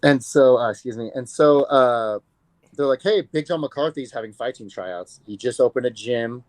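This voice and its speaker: Being interviewed, this thirty-something fighter spins a casual yarn full of profanity, voicing the quotes of the people involved. He speaks at medium pitch and a moderate speed, with a dry recording free of room sound.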